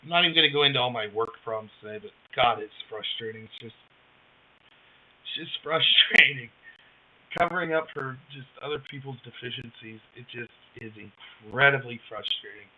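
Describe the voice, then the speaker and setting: At a moderate pace and medium pitch, a man chats through a casual live stream at home in a rural area. He rambles with dry wit and reacts to viewers' messages using a wireless headset, captured on a dull lo-fi mic.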